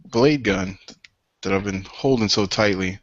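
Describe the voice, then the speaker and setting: A man playing a tabletop game, describing his character's actions hesitantly, with pauses and jokes. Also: lowish voice, slight background noise. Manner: hesitant, full of pauses and restarts, joking. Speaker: player. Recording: dry, dull lo-fi call audio.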